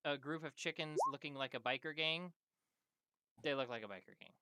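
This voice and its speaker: A game master running a tabletop game over voice chat, giving quick instructions and laughing often. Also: mid-range voice, pushed and bright, clear, resonant tone, dry recording.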